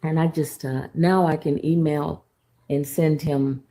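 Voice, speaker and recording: A woman's voice: sits low, steady tone, measured pace, warm tone, poor audio. A woman calling in to a livestream, talking casually and rambling with many restarts. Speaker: caller. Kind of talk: casual call-in chat.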